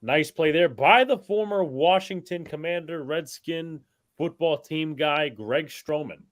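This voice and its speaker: A man's voice: fairly high pitch, a little slow. Man calling football plays live. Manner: calls plays, voice jumps up on big plays. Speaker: play-by-play commentator. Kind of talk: livestream play-by-play commentary.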